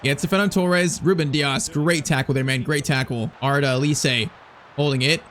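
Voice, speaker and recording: Excitable young man calling a football game. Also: fairly high pitch, normal speed, a little hiss or hum. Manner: excitable, shouts at big plays, casual slang. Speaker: gaming YouTuber. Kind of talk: live gameplay commentary.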